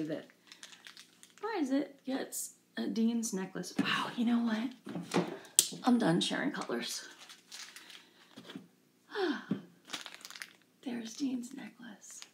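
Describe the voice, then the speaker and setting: A woman's voice: mid-range voice, vocal fry, noisy background. A middle-aged woman chatting casually as she shows off her craft supplies, self-deprecating and laughing often, recorded at home. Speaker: craft vlogger showing cross-stitch supplies. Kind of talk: casual rambling show-and-tell. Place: home room. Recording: echoey home room.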